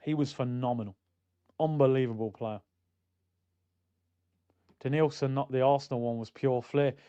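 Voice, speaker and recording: A young man chatting casually on a live football watchalong stream, telling stories in a slangy, animated way that swings from loud hype to low muttering. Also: normal speed, clear, resonant tone, muffled recording.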